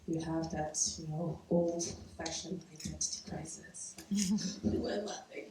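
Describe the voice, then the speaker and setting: Woman storyteller from Belgium, low-ish voice, chatty and wry, recorded live from across a very echoey room. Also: steady tone, slow. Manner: casual and conversational, laughing at her own lines. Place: stage at a live storytelling event. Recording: echoey room from far off, faint noise.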